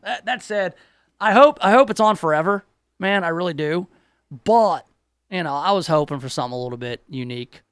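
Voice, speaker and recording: A fairly high-voiced middle-aged man talks on a radio show in a wry, chatty way, often restarting his sentences. He is close on a dry studio microphone. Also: fairly quick, fairly bright tone, no room sound. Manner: wry, talkative, many restarts. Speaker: radio talk show host. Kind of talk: casual radio chat.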